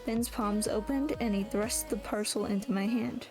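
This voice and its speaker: Reading a first-person novel for an audiobook, a woman frequently corrects herself and begins lines again. She speaks at normal speed with a medium-pitched voice, and music plays underneath.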